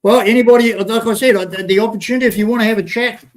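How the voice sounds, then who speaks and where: Male streamer, higher voice, winded, rambling then swearing hotly, casual live chat. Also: steady tone, racing. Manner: rambling, hesitant, then heated and profane. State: short of breath. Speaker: livestream host.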